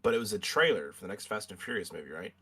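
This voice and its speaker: A man co-hosting a podcast in casual chat, talking in halting, stammering restarts. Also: lowish voice, expressive, a bit bright, husky. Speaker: podcast co-host.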